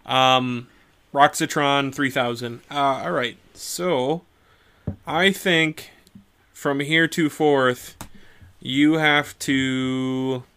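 A man's voice: mid-range voice, fairly even intonation, drawn-out words, fairly bright tone, clear, resonant tone. A man co-hosting a podcast in casual group chat, joking crudely and swearing freely. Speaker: podcast co-host.

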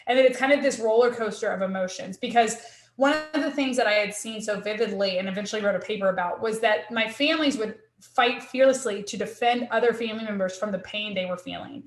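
A woman in her thirties, medium-pitched and quick-speaking, tells her own story in conversation as a guest. She's earnest and reflective, often voicing her own thoughts aloud, and the room is echoey.

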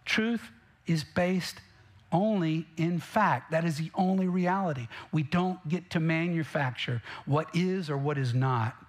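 Brief: male pastor, slightly high-pitched, punchy sermon delivery. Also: measured pace, hardly any pauses. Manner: emphatic preaching, direct questions to the congregation.

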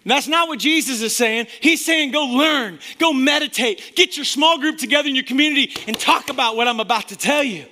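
His voice is extremely high as this male pastor preaches fervently to his church, swinging from loud emphasis to quiet intensity. The pace is fairly quick, with hardly a pause anywhere.

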